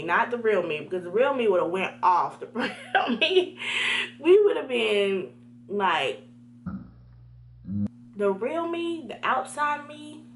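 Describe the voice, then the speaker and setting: A young woman telling a story to her viewers in a lively, direct way, with a mid-range voice. A faint hiss sits under her talk. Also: medium pitch. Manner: animated, talks to viewers directly. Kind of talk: storytime vlog.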